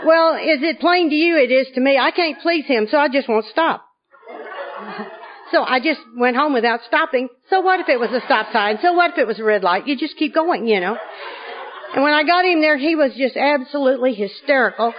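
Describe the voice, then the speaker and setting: A woman from Arkansas, telling a funny personal story to an audience in a lively comic way. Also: sits high, a little fast, lo-fi sound, slight background noise. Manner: lively comic delivery, often laughing. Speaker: speaker at a recovery conference.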